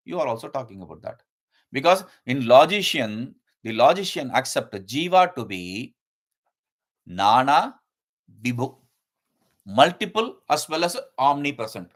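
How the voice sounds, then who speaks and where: A man's voice: mid-range voice, big pitch swings, unhurried. A man teaching a lesson and commenting on a scripture verse by verse, explaining at length with frequent fillers and repeated key terms.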